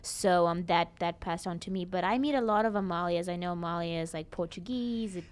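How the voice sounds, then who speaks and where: A woman's voice: on the low side, a little fast, clean tone. A woman guest on a radio talk show, answering in a bashful, giggly way. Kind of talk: radio interview. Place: radio studio.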